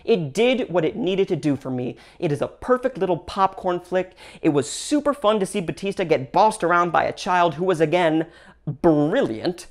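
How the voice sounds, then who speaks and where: Gushing lower-voiced woman reviewing films. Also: expressive, normal speed. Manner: gushing and upbeat, with big pitch swings between phrases. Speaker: film reviewer and channel host. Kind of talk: solo movie review vlog.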